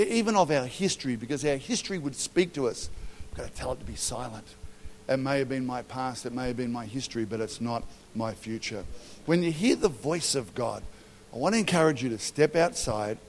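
A middle-aged man with an Australian accent preaching a sermon to leaders, animated and joking, acting out stories with quoted voices. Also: medium pitch, slight background noise. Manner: animated, storytelling with acted quotes and humour. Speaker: pastor. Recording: long hall reverb.

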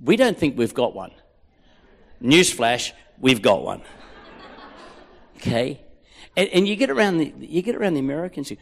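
A man's voice: a little high, sing-song, moderate pace, creaky, long pauses. A man with an Australian accent preaching a rousing, jokey sermon as a pastor, recorded in a large hall. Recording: echoey hall.

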